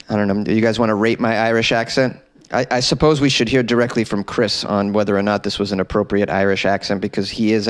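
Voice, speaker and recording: A man's voice: mid-range voice, no room sound, clean studio sound. Joking man hosting a comedy news podcast. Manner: joking, rambling, self-mocking. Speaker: podcast host.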